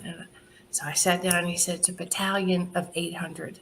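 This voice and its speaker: Woman telling lively stories, lowish voice. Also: fairly quick, gravelly, a little hiss or hum. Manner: lively anecdotal, laughs often, acts out quoted dialogue. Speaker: charity founder guest. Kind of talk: casual interview storytelling.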